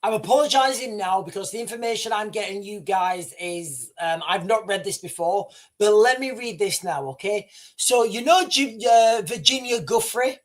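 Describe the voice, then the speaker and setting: A man hosting a livestream, reading breaking news aloud live. He is excitable, swears freely, and stammers and restarts his sentences. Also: high-pitched, normal speed. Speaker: livestream host.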